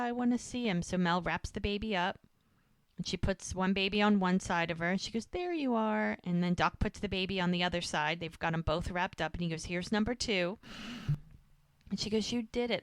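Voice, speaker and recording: A woman's voice: fairly low pitch, clear, resonant tone, dry recording. A woman co-hosting a rewatch podcast, eagerly retelling scenes and acting out the characters' lines in casual chat. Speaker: podcast co-host recapping a show.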